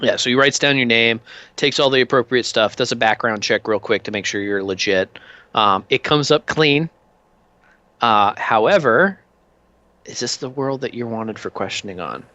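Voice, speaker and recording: Bright-voiced man running a tabletop game. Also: medium pitch, moderate pace, no room sound, highs cut off. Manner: loose, many ums and uhs. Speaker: game master.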